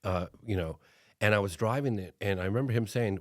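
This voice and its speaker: A middle-aged man, a documentary filmmaker and podcast guest, telling a long story in lively conversation and slipping into other people's voices when he quotes them. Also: lowish voice, fairly quick, no room sound, clean studio sound. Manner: acts out other people's lines in changed voices.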